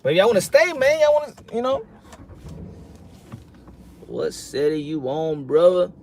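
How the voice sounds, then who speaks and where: A man's voice: high voice, a little slow, vocal fry. A man from New City, rambling casually to his viewers on a live stream from his car. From New York City. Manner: rambling and animated, talks straight to viewers. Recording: loud car and street noise.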